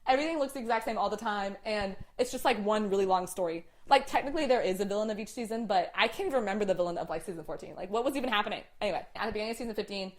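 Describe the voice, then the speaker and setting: A young woman hosting a casual chat, animated, swearing and packing her talk with "like". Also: medium pitch, rapid-fire, few pauses. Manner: animated, swearing, many "like" fillers. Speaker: host.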